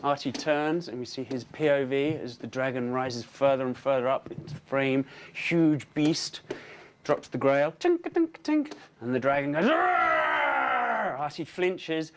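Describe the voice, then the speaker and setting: A man pitching storyboards, narrating the action vividly and adding his own sound effects. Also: steady tone, normal speed, slight background noise.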